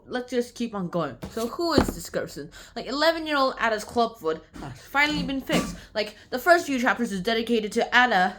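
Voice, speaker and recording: Rambling woman with a lively high voice. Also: fairly quick, hardly any pauses, noisy background. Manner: rambling, with many "like"s and restarts; acts out characters' lines with big jumps in pitch. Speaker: book summary presenter. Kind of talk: casual spoken book summary.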